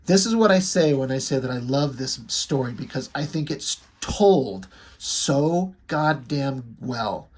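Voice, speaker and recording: Enthusiastic, blunt comic book reviewer. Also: male voice, medium pitch, expressive, measured pace, husky. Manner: enthusiastic, blunt, swears casually. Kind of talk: casual comic recap.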